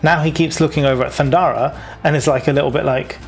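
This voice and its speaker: Casual British game master, light music behind. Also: male voice, on the high side, steady tone, fast talker, creaky. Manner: casual, chatty, lots of fillers. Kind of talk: running a tabletop game.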